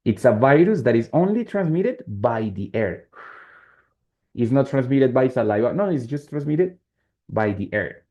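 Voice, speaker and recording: Mellow-voiced Spanish-speaking English teacher. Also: male voice, mid-range voice, sing-song, unhurried, lo-fi sound. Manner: switches between English and Spanish, asks checking questions often. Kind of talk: online class explanation.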